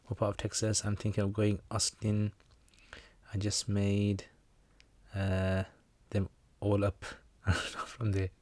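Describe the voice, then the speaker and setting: A relaxed man with a fairly low voice hosts a casual livestream question-and-answer session. He reads out viewer comments and answers religious questions in an easygoing, joking way. The sound is dry and close, with no room echo. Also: slow pace.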